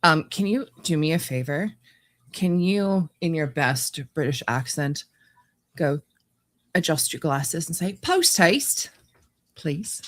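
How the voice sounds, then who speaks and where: A woman's voice: deep voice, a little slow. A woman co-hosting a podcast in casual chat, playful and teasing toward her co-host.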